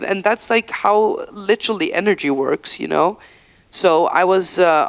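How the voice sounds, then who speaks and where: A woman's voice: fairly low pitch, normal speed, smooth. A woman, talking candidly in a casual interview, full of fillers and acted-out quotes. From Faroe Islands. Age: 30s. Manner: chatty and candid, full of "like" and restarts, acts out quotes. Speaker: singer being interviewed. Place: event venue indoors.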